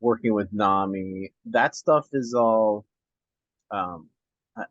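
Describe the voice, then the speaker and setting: A man hosting a podcast interview, talking in a halting way while he searches for his words. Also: on the low side, no echo, dull audio. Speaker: podcast host. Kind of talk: casual interview chat.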